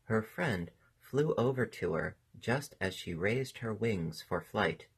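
Male narrator for a storybook, gentle and expressive, low voice with lively melody. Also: slow pace, slightly rough. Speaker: reader.

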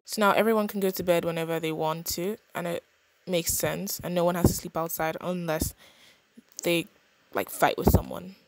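A young woman casually narrating a life-sim game, chatty and expressive with quick reactions. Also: fairly low pitch, faint music behind. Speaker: gaming channel host.

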